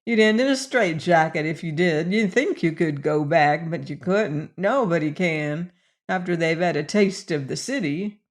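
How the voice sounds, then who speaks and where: A woman's voice: on the low side, moderate pace, lightly acted. A woman voicing a brash, slangy young man on the make in an audiobook, with a cocky street manner. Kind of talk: audiobook character voice.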